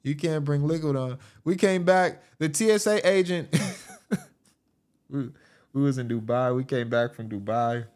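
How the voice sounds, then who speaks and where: A man hosting a show, giving casual, joking commentary over video clips in an animated way and often laughing. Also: mid-range voice, unhurried, clean tone. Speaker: host.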